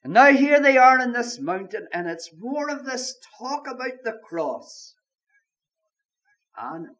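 A man's voice: very high voice, big pitch swings, slow, fairly bright tone, muffled recording. A man preaching a sermon with emphasis, repeating his key phrases.

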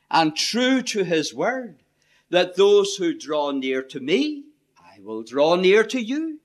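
Slow, deliberate male preacher. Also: high voice, sing-song. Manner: slow, deliberate scriptural preaching with dramatic pauses. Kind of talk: sermon.

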